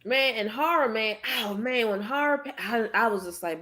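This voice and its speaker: A woman's voice: sits high, lively intonation, moderate pace, fairly bright tone. A woman hosting a podcast in casual chat, speaking bluntly and emphatically, swearing freely. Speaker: podcast host.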